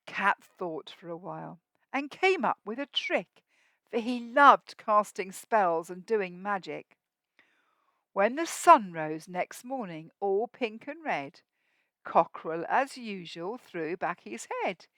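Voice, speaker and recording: A woman teacher reading a rhyming picture book to young children at a school assembly, expressive and asking them questions so they join in. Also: mid-range voice, takes it slowly, no room sound. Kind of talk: storybook read-aloud for young children.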